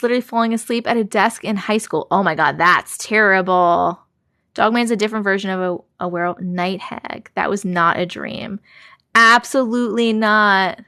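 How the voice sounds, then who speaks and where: A woman's voice: mid-range voice, dry recording, studio quality. A woman hosting a live stream, reading viewers' scary stories aloud and reacting to chat. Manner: expressive, reacts with gasps and laughs between reading.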